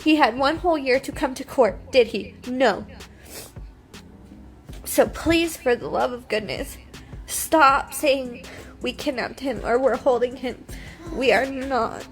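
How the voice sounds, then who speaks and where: A woman's voice: high-pitched, slow pace, long pauses, soft background music. A woman in her twenties, crying as she talks in an upset, defiant livestream monologue on her phone. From United States. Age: 20s. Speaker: reality TV personality.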